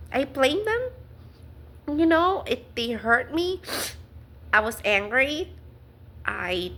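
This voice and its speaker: Slow, earnest woman vlogging. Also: fairly high pitch, bright, forceful tone. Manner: earnest, halting, many fillers and restarts, nervous laughs. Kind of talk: personal talking-to-camera vlog.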